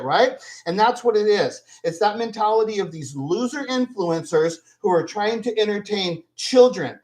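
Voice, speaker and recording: A man's voice: high-pitched, rough recording. A man hosting a commentary channel, ranting in a scornful, rambling way full of swearing.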